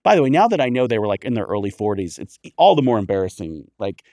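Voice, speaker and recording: A man, a guest on a comedy podcast, telling a long story with lively energy. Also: on the low side, fast, no echo, studio quality. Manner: animated storyteller, acts out quoted voices.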